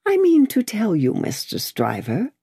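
A woman's voice: medium pitch, huge pitch swings, measured pace, mellow, slightly rough, pitched above the performer's own voice, heavily acted. A woman voicing a fussy, mild older male bank clerk who speaks cautiously, politely and precisely, as a character in an audiobook. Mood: polite, firm.

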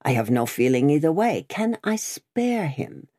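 A woman reading aloud, voicing a stern, vengeful revolutionary woman in a cold, deliberate manner. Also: low voice, very animated, dark tone, no room sound, studio quality, full character voice.

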